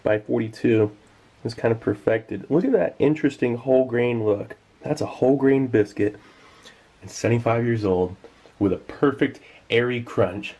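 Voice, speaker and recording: A man's voice: mid-range voice, a little mellow, a little hiss or hum. A man giving casual, enthusiastic commentary while tasting old rations, sometimes talking with his mouth full. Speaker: food tasting vlogger.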